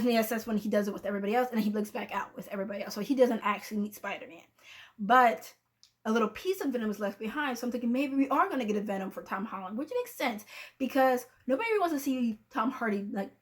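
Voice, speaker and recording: In her casual film review, a woman speaks at a quick pace in a voice on the high side. She plays out the characters' dialogue and occasionally lowers to a near whisper for soft asides.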